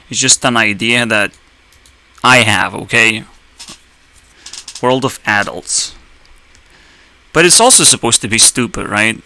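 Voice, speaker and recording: A man's voice: medium pitch, pushed and bright, clean tone, no echo, poor audio. A young man ranting in a blunt, sarcastic way, swearing often and laughing at his own jokes. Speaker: streamer. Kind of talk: profane ranting commentary.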